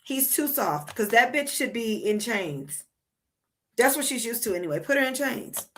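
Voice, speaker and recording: A high-voiced woman runs a casual political livestream, heated and profane. Her tone is bright and sharp, and she rants straight at her viewers. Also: animated, moderate pace, a little hiss or hum. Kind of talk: casual live-stream commentary. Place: abroad while traveling.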